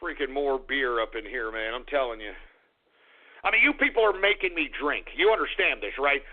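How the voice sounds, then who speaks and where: A man's voice: medium pitch, expressive, fairly quick, phone-quality sound. A man hosting a call-in radio show, his voice sped up and chipmunk-like, ranting and swearing at callers. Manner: exasperated, swearing, shouting rants.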